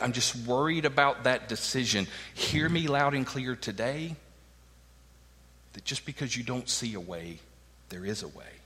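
A man's voice: medium pitch, bright, forceful tone, big-room sound. A man preaching a sermon, emphatic and earnest, acting out the words of the people in his text. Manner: emphatic preaching, acts out quoted lines. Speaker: pastor.

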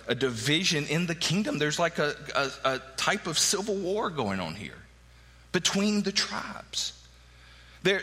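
A man in his forties preaches a sermon in a casual, conversational way, checking in with the congregation as he goes. His voice is bright and lively, rising and falling a lot, and it rings out with a long reverb through the sanctuary. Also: on the high side. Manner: conversational preaching with frequent "right?" asides. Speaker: pastor.

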